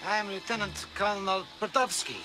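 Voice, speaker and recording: An actor playing a cold, menacing Russian army colonel with a Russian accent, speaking in clipped commands. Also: male voice, high voice, fairly even intonation, fairly quick, over music, close to an everyday voice. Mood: cold menace. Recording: film clip under loud score.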